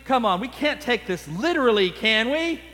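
A man's voice: extremely high pitch, lively intonation, normal speed, sharp tone, in a large hall, pitched above the performer's own voice, exaggerated voice. A man voicing a skeptical crowd of listeners, exasperated and arguing back in disbelief. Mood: incredulous. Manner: incredulous, arguing back, mock-pleading.

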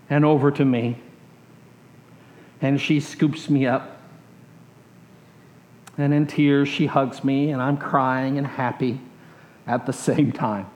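A man with a high voice preaches, telling a personal story as part of a sermon. He takes his time, repeats phrases for weight and lets line endings fall soft and quiet. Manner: slow repetitive storytelling, trailing off quietly at phrase ends. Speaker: pastor.

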